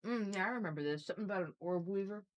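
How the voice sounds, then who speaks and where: A woman hosting a casual stream, chatting quickly and reading out viewer messages. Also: medium pitch. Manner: quick, bubbly, reads chat messages aloud. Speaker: streamer and host. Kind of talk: casual chat while reading live chat.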